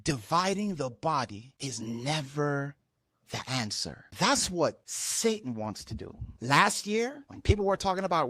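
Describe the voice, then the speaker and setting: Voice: mid-range voice, big pitch swings, normal speed, fairly bright tone, no echo. A pastor preaching a sermon with passion, repeating words and restarting lines, and acting out other people's words in quoted voices.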